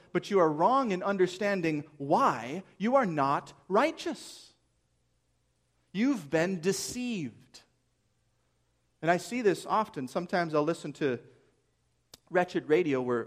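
Earnest preacher man, rhetorical questions. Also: fairly high pitch. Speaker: pastor. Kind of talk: sermon.

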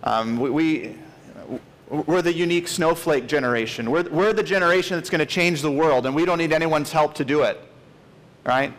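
Guy in his late 30s preaching, fairly high voice, earnest and punchy on the big words. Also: normal speed, fairly bright tone. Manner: earnest, emphatic, with rising stress on key words. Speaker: pastor. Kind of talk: sermon.

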